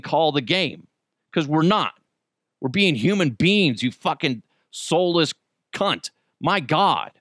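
A man hosting a solo commentary show, ranting with heavy swearing and swinging between loud outbursts and low muttered asides. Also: dry recording, studio quality. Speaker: show host.

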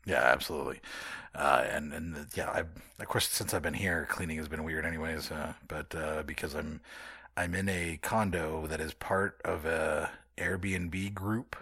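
A man with a very low voice chats casually, stumbling through ums and restarts. He teases his co-host in an easy way. The sound is dry and close. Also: steady tone, normal speed, vocal fry, pushed and bright, slightly rough, dry recording. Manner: hesitant, lots of ums and restarts, teasing. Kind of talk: casual chat.

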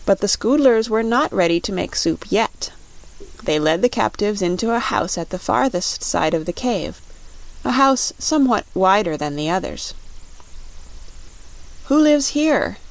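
Woman audiobook narrator, steady storybook reading. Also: mid-range voice, normal speed.

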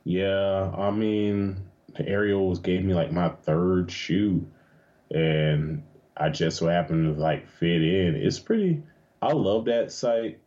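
A man being interviewed as a guest, chatting casually and telling lively, profane stories with plenty of laughter. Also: deep voice, takes it slowly, muffled recording. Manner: animated, profane storytelling with frequent laughs. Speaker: interview guest, adult film performer. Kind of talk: casual chat.

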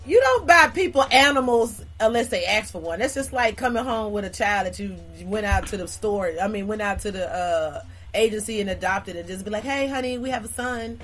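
A woman's voice: medium pitch, lively intonation, a little fast, few pauses, fairly bright tone. A woman co-hosting a casual chat show, emphatic and outspoken. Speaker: podcast co-host.

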